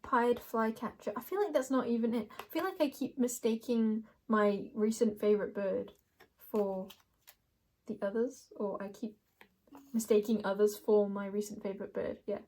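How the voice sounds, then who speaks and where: A woman's voice: a little high, fairly even intonation, normal speed, mellow. A young woman doing a casual card reading, playful and rambling, laughing often as she talks to herself and the viewer. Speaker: tarot reader.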